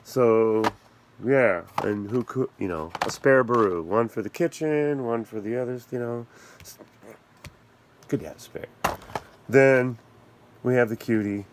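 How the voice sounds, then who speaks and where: A man's voice: on the low side, background noise. A man hosting a casual vlog about his action figures, rambling and joking and often losing his train of thought. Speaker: channel host reviewing toy action figures.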